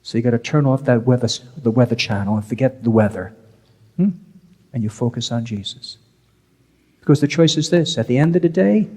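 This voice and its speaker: A man's voice: mid-range voice, mellow. A man, a priest, giving a conversational sermon, repeating key phrases for emphasis. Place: church. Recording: church with long reverb.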